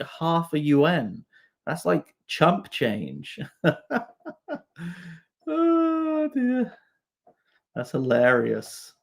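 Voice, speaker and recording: A man's voice: medium pitch, creaky. A man hosting a live stream, reacting to chat comments in a casual, swearing, laughing way. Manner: swears freely, laughs often, talks to comments.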